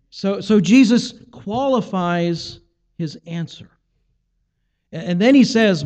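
A man's voice: high-pitched, animated, slow pace, long pauses, darkish tone, long reverb tail. A man preaching a sermon, teaching and asking rhetorical questions, acting out the voices he quotes.

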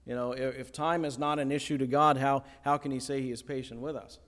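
A man preaching a sermon, animated, acting out the voices of the people he quotes. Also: mid-range voice, fairly quick. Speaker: pastor. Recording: long hall reverb.

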